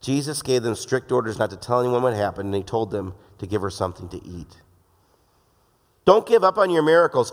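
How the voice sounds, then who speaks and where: A man's voice: medium pitch, lively intonation, fairly quick. A man preaching a sermon in a casual, joking way, acting out the voices he quotes. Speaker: pastor. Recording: long hall reverb.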